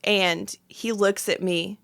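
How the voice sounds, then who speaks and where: Bright-voiced woman telling stories animatedly. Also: medium pitch, takes it slowly, vocal fry. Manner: animated storyteller, acts out quotes. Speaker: podcast co-host. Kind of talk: casual chat.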